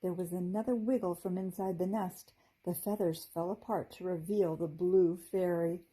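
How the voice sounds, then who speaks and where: A woman teacher reading a children's chapter book aloud in a gentle, expressive storytelling manner. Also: fairly low pitch, normal speed, breathy edge, poor audio.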